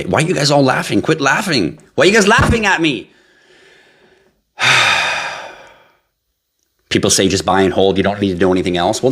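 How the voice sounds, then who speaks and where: Blunt, profane crypto livestream host. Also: male voice, a bit bright. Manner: mocks panicky victims in a high squeal. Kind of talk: casual livestream rant.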